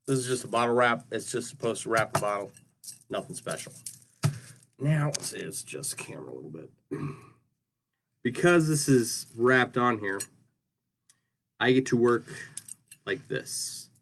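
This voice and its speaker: During a livestream, a man casually talks through his craft work, rambling and often ending sentences with "right?". His voice is medium-pitched and a bit bright.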